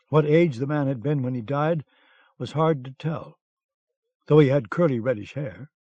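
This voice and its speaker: A man narrating an audiobook with a measured, dramatic reading, recorded on a dull lo-fi cassette. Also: a little high, mellow, no echo.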